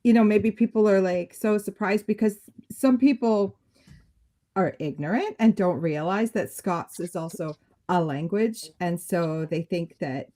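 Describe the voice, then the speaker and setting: A woman's voice: medium pitch, a little slow, warm tone. A woman talking in a casual live-stream conversation, thoughtful and loose, with many fillers and restarts. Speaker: guest.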